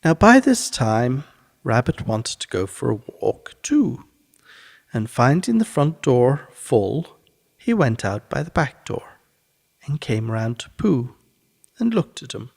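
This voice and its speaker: A man reads a bedtime story aloud, expressive and unhurried. His voice is gravelly, and his pitch rises and falls in lively swoops as he takes his time over every line.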